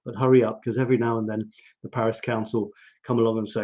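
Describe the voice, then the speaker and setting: A man casually hosts a live photography stream, musing aloud and chatting directly to his viewers. His voice is lowish and level with a darkish tone, he talks at a quick pace, and the audio is dull.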